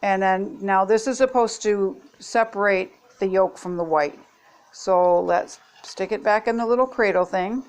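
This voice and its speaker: Speaking at a medium pitch and a slightly slow pace, an older woman vlogs herself trying out kitchen gadgets at home. Her casual demo is chatty and homey, addressing viewers as she shows each product.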